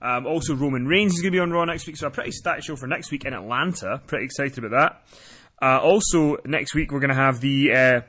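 A man hosting a casual wrestling podcast, running through the week's show in a quick, rambling way with fillers and casual swearing. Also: mid-range voice, bright, forceful tone, slightly rough. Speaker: podcast host.

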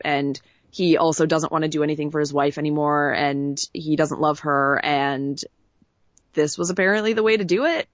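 A woman's voice: low voice, no echo. Wry woman co-host, dull dry sound. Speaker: podcast co-host. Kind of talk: casual chat.

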